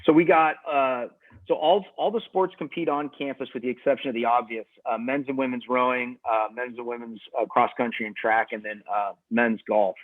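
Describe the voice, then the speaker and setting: A man's voice: mid-range voice, fairly even intonation, fairly quick, no room sound. A man, a head tennis coach, giving easygoing, rambling interview answers with many restarts over a video call. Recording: tinny phone-like dry audio.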